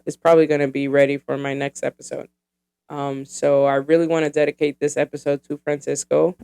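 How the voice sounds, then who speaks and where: Deep, resonant and clear, with a slightly mellow quality, the voice belongs to a woman in her thirties running her own podcast. Her talk is loose and meandering, profane and packed with fillers.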